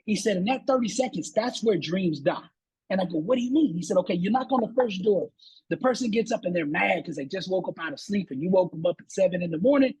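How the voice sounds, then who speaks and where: A man's voice: high-pitched, fast talker, slightly rough, rough recording. Fired-up man telling a motivational story. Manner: animated, preachy, repeats words when fired up. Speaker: motivational speaker guest.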